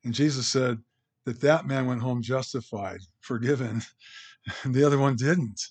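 A man's voice: mid-range voice, moderate pace, a little mellow, slightly rough. Conversational man preaching a sermon. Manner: conversational, rambling with restarts. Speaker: pastor.

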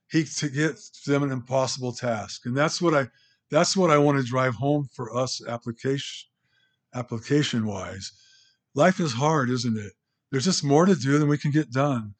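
Man, pastor, conversational sermon, rambling, restarts, mid-pitched voice. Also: moderate pace.

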